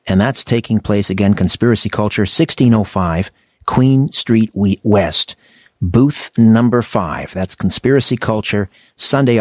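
A man hosting a radio talk show, reading announcements in a halting way with many fillers. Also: lowish voice, darkish tone, no echo, studio quality.

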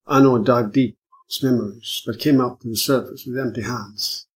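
A man reading a novel aloud as audiobook narrator, in a measured storytelling manner. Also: medium pitch, steady tone, breathy edge, low-quality recording.

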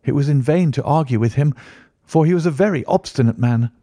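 A man reading a classic story aloud in steady, even scripted narration. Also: medium pitch, brisk, dry recording. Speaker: audiobook narrator.

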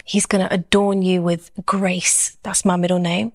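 A woman's voice: lowish voice, little pitch movement, unhurried. A woman giving a personal faith testimony. She tells it expressively and acts out her own inner thoughts as she goes.

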